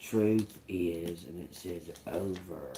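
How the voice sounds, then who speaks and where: A man reading tarot cards for his viewers, taking his time and turning each word over slowly. He repeats phrases as he goes and calls his listeners y'all. A faint hiss of noise sits under his voice. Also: deep voice, warm tone, rough recording. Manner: slow, musing, repeats words as he reads cards. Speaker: tarot reader.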